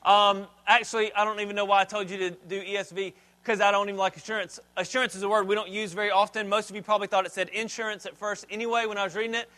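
A man with a high, bright voice delivers a sermon in a church. He talks conversationally, stumbling over restarts and then rising to quote verses. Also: little pitch movement, racing, hardly any pauses. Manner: conversational preaching, frequent restarts, quotes scripture. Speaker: pastor. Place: church sanctuary.

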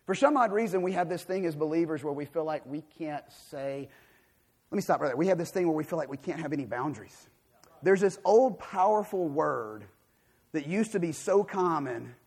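A man, preaching a sermon. He swings from loud, emphatic calls to quiet, low passages. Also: vocal fry, slightly rough.

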